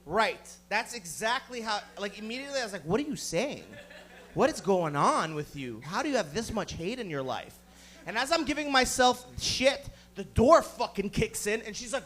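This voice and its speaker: A man in his thirties doing a profane stand-up comedy set, loudly acting out the people in his stories. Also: high voice, animated, moderate pace. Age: 30s. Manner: profane, loud, acts out voices in his stories.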